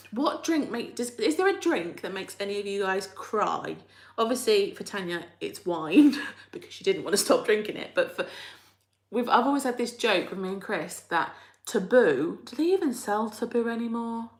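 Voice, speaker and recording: A woman's voice: mid-range voice, lively intonation, normal speed. Woman rambling thru viewer comments, laughs a lot, kinda echoey room. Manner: chatty, rambling, laughs often. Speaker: livestream host reading viewer comments. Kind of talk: casual chat. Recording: roomy echo.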